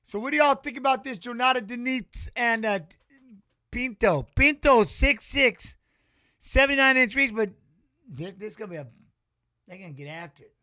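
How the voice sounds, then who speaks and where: This man's voice is very high-pitched and his pace normal. He's hosting a live watch-along, keeping things casual, getting excited at what he sees, and responding to his viewers' chat.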